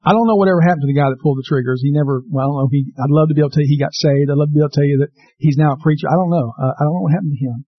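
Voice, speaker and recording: A man preaching a sermon, telling a personal story in an animated, folksy, emphatic way. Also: fairly high pitch, very fast, few pauses, no echo. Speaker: pastor. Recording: dull, slightly muffled sound.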